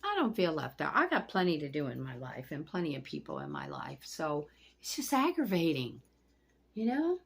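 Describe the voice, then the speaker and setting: Middle-aged woman, husky and gravelly, blunt and profane, casual vlog venting at home. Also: low-pitched, huge pitch swings, moderate pace. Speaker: vlogger. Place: at home among pet turtles.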